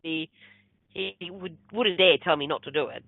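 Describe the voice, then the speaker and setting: A woman's voice: lowish voice, normal speed, gravelly, slightly rough, no echo. A middle-aged woman rambles through a personal story in a loose, chatty way, slipping into the voices of the people she quotes. The sound is thin and phone-like, with a dry, close feel and no room around it. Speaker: guest, spiritual medium. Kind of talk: casual storytelling interview. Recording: tinny phone-like line, dry.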